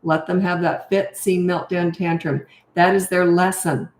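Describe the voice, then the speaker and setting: A woman's voice: lowish voice, fairly even intonation, measured pace, echoey room, a little hiss or hum. An older woman coaching parents in a casual live Q&A, talking directly with plenty of fillers. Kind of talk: live Q&A, reading and answering comments.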